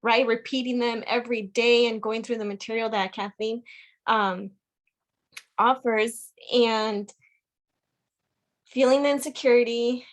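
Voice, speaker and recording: Woman, podcast guest, slightly high pitch, chatty, earnest, lots of fillers. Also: steady tone, unhurried, pauses often. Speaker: guest, program member. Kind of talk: casual personal testimony.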